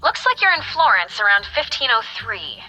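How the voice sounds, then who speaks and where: A woman's voice: on the high side, big pitch swings, moderate pace, pushed and bright, heavily acted. An actress playing an upbeat female mission guide, informative, heard as a radio transmission. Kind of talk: video game voice acting. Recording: dull lo-fi radio sound with music.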